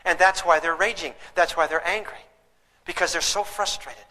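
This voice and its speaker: A man's voice: fairly high pitch, normal speed, pushed and bright. A man giving a humorous live parenting seminar, questioning his audience directly. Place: lecture hall with audience. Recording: long hall reverb.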